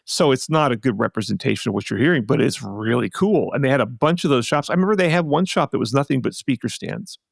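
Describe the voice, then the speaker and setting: This podcast co-host has a mid-range, creaky voice and talks expressively at a quick clip, barely pausing. His casual chat wanders, full of restarts and side comments. There's no room sound, just clean studio audio.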